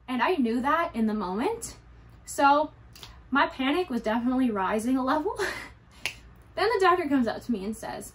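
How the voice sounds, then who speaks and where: A woman's voice: sits high, expressive, moderate pace, long pauses, fairly bright tone, slight background noise. A young adult woman candidly telling a personal story to her vlog viewers, conversational and lightly humorous. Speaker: YouTuber.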